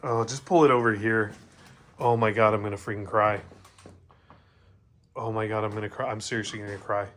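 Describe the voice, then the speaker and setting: Excitable man hosting a bike build vlog. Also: on the low side, fairly quick, pauses often. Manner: excitable, joking, stammering restarts. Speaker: channel host. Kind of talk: casual vlog chat.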